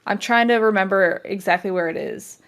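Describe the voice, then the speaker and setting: A woman's voice: mid-range voice, fairly quick, fairly bright tone. A woman co-hosting a podcast, chatting in an easygoing way. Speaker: podcast host. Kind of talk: casual chat.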